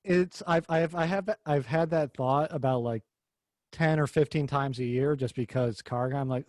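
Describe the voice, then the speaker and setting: A man's voice: mid-range voice, normal speed, darkish tone, dry recording. Rambling, jokey male podcast host. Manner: rambling, jokey, swears casually. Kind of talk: casual car chat.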